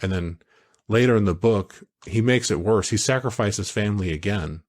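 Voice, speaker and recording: A man co-hosting a podcast, talking in a casual, animated way that wanders through stories. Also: on the low side, moderate pace. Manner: animated, storytelling, digressive. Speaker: podcast co-host. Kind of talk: casual chat.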